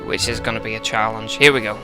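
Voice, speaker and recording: A man's voice: lowish voice, steady tone, fast talker, music in the background. Brief: jokey, slightly drunk male game narrator, rambling asides. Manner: joking, rambling. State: tipsy. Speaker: let's-play narrator.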